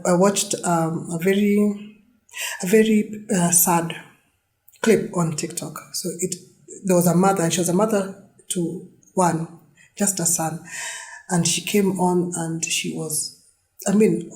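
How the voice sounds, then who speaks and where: A woman with a lowish, mellow voice hosts a reflective monologue-style podcast, speaking earnestly and emphatically and leaning on "you know" fillers.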